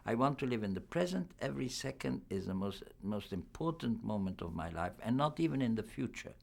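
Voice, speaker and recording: Gravelly older man, lively low voice. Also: brisk. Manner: reflective, candid, chuckling. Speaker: film actor being interviewed. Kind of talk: press junket interview.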